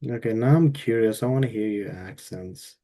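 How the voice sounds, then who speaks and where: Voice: mid-range voice, normal speed, warm tone. A podcast host interviewing a guest over a video call, asking curious follow-up questions. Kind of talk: casual interview chat.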